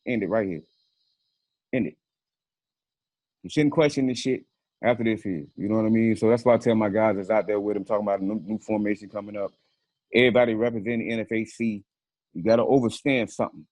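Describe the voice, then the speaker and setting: A man's voice: on the high side, darkish tone, dry recording. A man being interviewed, telling a story in a casual, profane way and acting out the phone calls he quotes. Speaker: interview guest.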